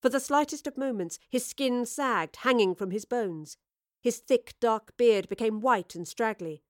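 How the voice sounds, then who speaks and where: A woman's voice: a little high, measured pace, no room sound, studio quality. Woman narrating an adventure story. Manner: steady, expressive storytelling. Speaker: audiobook narrator. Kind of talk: scripted narration.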